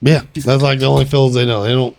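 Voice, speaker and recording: A man's voice: mid-range voice, little pitch movement, gravelly, a little mellow. A man co-hosting a podcast in casual chat, swearing and restarting his sentences. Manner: swearing, halting starts. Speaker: podcast co-host.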